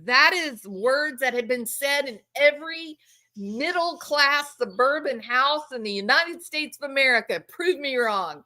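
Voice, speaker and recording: A woman's voice: high-pitched, moderate pace, sharp tone. A woman giving a casual true-crime commentary in a sarcastic, incredulous, emphatic manner.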